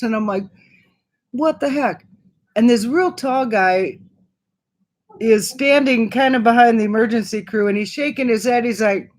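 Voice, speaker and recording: A middle-aged woman from Wisconsin, telling a personal story to her channel in a chatty way with many fillers and restarts. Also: fairly high pitch. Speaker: vlogger.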